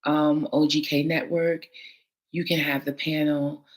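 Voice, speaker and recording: A woman's voice: low-pitched, little pitch movement, a little slow. A woman battle rap panelist answering viewer comments in candid, casual talk, blunt and emphatic, swearing freely.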